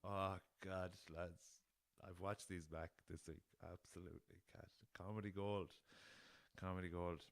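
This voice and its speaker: Deep-voiced Irish man, casual podcast chat. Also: level tone, measured pace, vocal fry, no room sound. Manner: laughing at his own jokes, swears freely, rambling. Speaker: podcast host.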